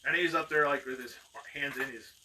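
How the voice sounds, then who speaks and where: Bright-voiced man running a tabletop game. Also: mid-range voice, fairly even intonation, a little fast. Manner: rambling, filler-heavy narration with acted outbursts. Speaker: game master. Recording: distant mic with faint noise.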